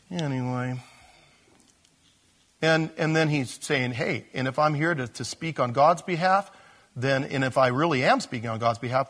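Husky, lively-voiced male preacher. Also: fairly high pitch. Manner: conversational preaching with acted-out dialogue. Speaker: pastor. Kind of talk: sermon.

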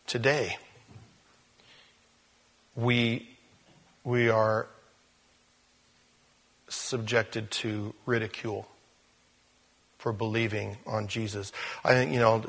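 A man preaching a sermon, animated, often repeating words and speaking straight to his listeners. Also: on the low side, slow, creaky, long pauses. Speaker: pastor.

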